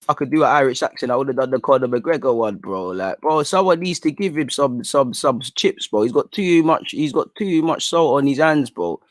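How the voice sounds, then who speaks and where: A young man hosting a livestream, talking in animated, slangy casual banter. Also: medium pitch, a little fast, hardly any pauses, no echo, clean studio sound. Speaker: fan channel livestream host.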